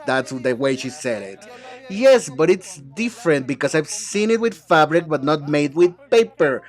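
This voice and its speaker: Lively sassy man dubbing bickering banter. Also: a little high. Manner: sassy, bickering, switching between several speakers. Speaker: translator dubbing a reality show. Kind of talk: solo English dub of reality-show banter.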